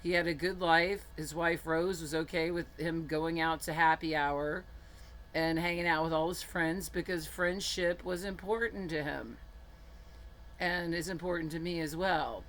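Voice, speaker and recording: A woman's voice: sits low, fairly even intonation, unhurried, a bit bright. A woman telling a personal story in a frank, chatty way, laughing often and swearing casually.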